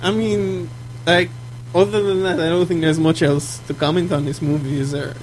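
A man's voice: a little high, level tone, normal speed, a little hiss or hum, rough recording. A man co-hosting a podcast in casual chat, hesitant, restarting and repeating words often. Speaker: podcast co-host.

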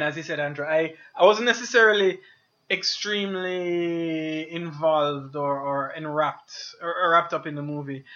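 High, bright-voiced Frenchman. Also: muffled recording. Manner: animated storytelling, laughs often, swears casually. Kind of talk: casual movie review chat.

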